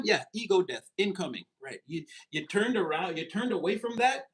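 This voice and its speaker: A high-pitched man talks his way through a tarot reading to camera. He is animated and loose, laughing often and jumping into mocking voices. His delivery stays casual and chatty. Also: normal speed, few pauses, a little hiss or hum, rough recording. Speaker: tarot reader.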